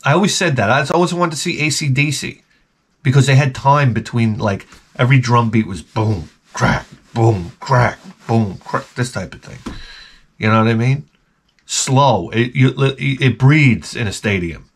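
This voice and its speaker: A man's voice: medium pitch, moderate pace, husky. A man vlogging in a rambling, profane monologue, swearing often and breaking into mouth sound effects. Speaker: retro gaming vlogger.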